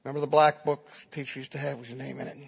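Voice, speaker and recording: A man's voice: mid-range voice, level tone, very fast, gravelly, breathy edge. A man preaching a sermon, telling a story in a dramatic, emphatic way. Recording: long hall reverb.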